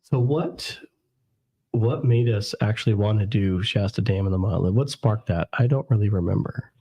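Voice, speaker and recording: A slightly hoarse man with a cold, co-hosting a paranormal live stream in an easygoing, self-deprecating way. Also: fairly low pitch, normal speed, warm tone. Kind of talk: casual live-stream chat.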